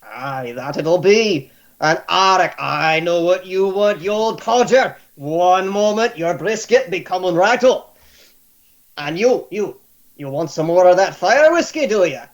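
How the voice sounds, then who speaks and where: A man's voice: animated, a little slow. A man voicing a jolly old male tavern keeper who talks in a hearty, folksy way. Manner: hearty, booming, folksy 'aye, lassie' talk.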